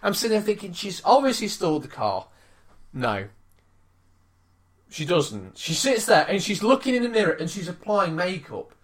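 Excitable storyteller with lively pitch. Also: normal speed. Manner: excitable, swears, mimics people. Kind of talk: animated storytelling rant.

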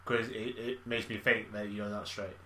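A man co-hosting a podcast, chiming in with quick wisecracks during crude banter. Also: lowish voice, level tone, bright, forceful tone, far from the mic, slight background noise. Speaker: podcast co-host. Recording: echoey room.

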